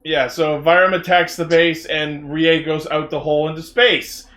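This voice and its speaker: A man co-hosting a podcast in casual chat, excitable and joking, laughing often. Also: on the high side, moderate pace, roomy sound. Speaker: podcast co-host.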